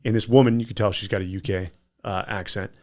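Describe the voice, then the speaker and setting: Guy with a lowish voice telling stories as a podcast guest, chatty and animated. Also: quick pace. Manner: animated anecdotal storyteller. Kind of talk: casual storytelling in a podcast.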